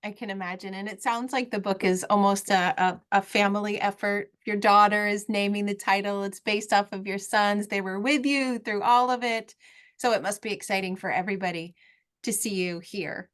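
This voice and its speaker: A woman's voice: mid-range voice, steady tone, normal speed, fairly bright tone. A woman hosting a podcast interview, who affirms and sums up her guest's points in a casual chat. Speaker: podcast host.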